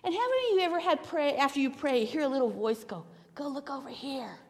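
A woman telling a Bible story to children in church, animated, with hushed whispers. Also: sits high, racing. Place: church sanctuary. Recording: long hall reverb of a church.

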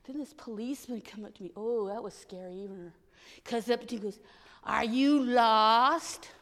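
A woman telling an expressive story to children during a church service. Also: medium pitch, quick pace, in a large hall.

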